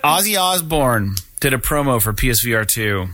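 A man's voice: medium pitch, very animated, normal speed, pushed and bright, dry recording. A man hosting a casual gaming news podcast, talking loosely with lots of swearing and filler words. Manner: profane, rambling, lots of fillers. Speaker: podcast host.

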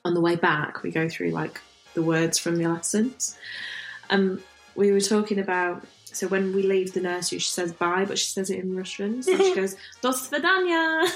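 A woman's voice: fairly low pitch, level tone, moderate pace, faint music behind, poor audio. A woman co-hosting a podcast, chatting casually, rambling and laughing a lot, with a self-admitted mumble and casual swearing. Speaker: podcast co-host. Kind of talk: casual chat.

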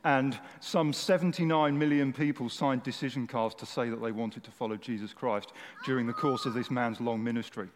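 A man's voice: mid-range voice, steady tone, moderate pace. A man preaching a sermon to a large congregation in a conversational, humorous way. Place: church hall with a large audience. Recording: echoey hall.

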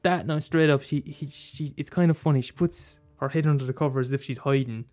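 A man's voice: on the high side, a little fast, a little mellow, faint music behind. A man talking casually about a favourite film, rambling and restarting, swearing and laughing as he goes. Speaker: film commentator. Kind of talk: casual monologue.

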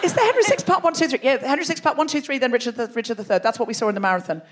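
High-voiced woman teasing a theatre crowd. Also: very fast. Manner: teasing, animated, laughing between jokes. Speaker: comedy podcast host. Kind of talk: live comedy crowd work. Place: large theatre stage before a live audience. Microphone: stage microphone.

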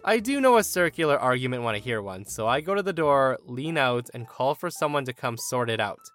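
A man reading a forum story aloud in an animated storytelling manner. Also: medium pitch, fairly quick, soft background music. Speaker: story narrator.

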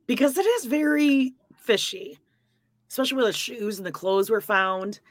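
A woman co-hosting a podcast, chatting casually and gossiping about TV in an animated way. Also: a little high, no echo, studio quality. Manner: animated, gossipy, quick reactions. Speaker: podcast co-host. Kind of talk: casual chat.

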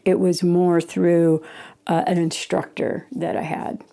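A woman's voice: lowish voice, little pitch movement, slow, vocal fry, warm tone. A middle-aged woman telling a rambling personal story in a casual way, acting out quoted lines as she goes. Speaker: interviewee.

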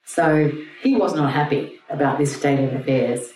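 A woman's voice: sits low, normal speed, a little mellow. A woman teacher retelling a myth to a group in a chatty, irreverent storytelling way. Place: room with an audience. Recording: roomy, distant mic, faint hum.

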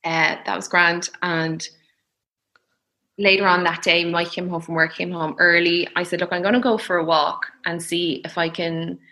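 Irish woman chatting away about her story, kinda low but bright voice, laughs a lot. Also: fairly even intonation, normal speed. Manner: chatty, laughs often, acts out quoted voices. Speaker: mother telling her birth story. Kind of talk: casual storytelling chat.

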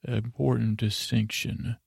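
A man's voice: fairly low pitch, flat delivery, slow pace, gravelly, a little mellow, slightly rough, dry recording, clean studio sound. A man hosting a bedtime podcast, recapping a show in a meandering, drowsy way with lots of filler words. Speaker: podcast host. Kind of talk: rambling bedtime episode recap.

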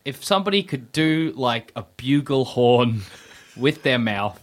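A man's voice: medium pitch, expressive, measured pace. A man co-hosting a podcast, asking curious questions and giggling. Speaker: podcast co-host. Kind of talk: casual chat.

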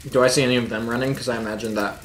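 A man's voice: medium pitch, steady tone, rapid-fire, fairly bright tone, slight background noise. Male player, short practical questions, recorded in an echoey room. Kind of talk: tabletop game talk.

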